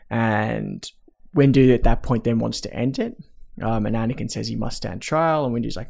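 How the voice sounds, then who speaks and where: A man in a casual podcast chat, retelling a film plot in steady detail. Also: medium pitch, normal speed, vocal fry, husky. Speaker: podcast co-host.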